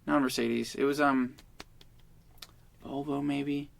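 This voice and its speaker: A man's voice: medium pitch, little pitch movement, slow, gravelly. A man in his twenties, a podcast guest, telling a rambling, profane story in casual chat.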